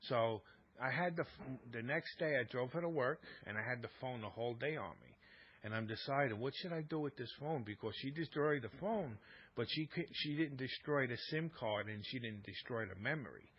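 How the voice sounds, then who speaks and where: A man's voice: medium pitch, a little fast, breathy edge, dull audio. A man hosting a live talk stream, telling a long personal story in a rambling, repetitive way and acting out both sides of arguments. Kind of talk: casual storytelling monologue.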